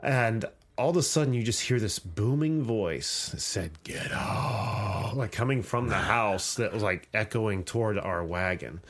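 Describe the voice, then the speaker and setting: A man's voice: on the low side, animated, normal speed, few pauses. A man hosting a podcast, telling a long childhood story in a rambling way and swearing freely. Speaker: podcast host. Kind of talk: casual podcast chat.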